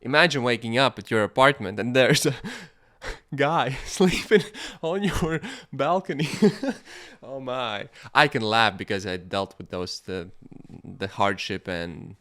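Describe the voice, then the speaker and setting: Recounting a personal story, a male podcast host talks casually at a medium pitch and a slow pace. Some moments are animated with laughter, and others are quiet and reflective.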